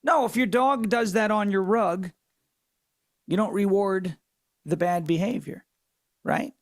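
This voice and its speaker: A man's voice: high voice, a little slow, dry recording, clean studio sound. A man hosting a political talk radio show, delivering a sarcastic, mocking monologue with punchy, emphatic stresses.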